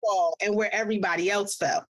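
A woman co-hosts a casual chat on a couch and speaks frankly, telling stories from her own working life. Her voice sits at a middle pitch and is recorded close and dry. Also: fairly even intonation, a little fast, no room sound. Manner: frank, storytelling. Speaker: podcast co-host. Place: studio couch.

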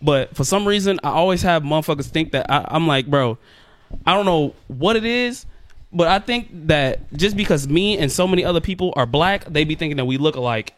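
A young man on a podcast telling a story in a casual, animated way, swearing and acting out both sides of the conversation. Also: fairly high pitch. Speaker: podcast co-host.

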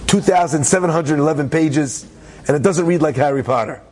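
Animated high-voiced male storyteller. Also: fairly quick, rough recording. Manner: animated, joking, acts out characters, uses Hebrew terms. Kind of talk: storytelling talk to an audience.

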